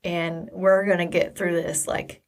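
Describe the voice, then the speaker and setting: Woman, podcast co-host, casual storytelling, lively quoted dialogue, lowish voice. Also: a little slow, slight background noise.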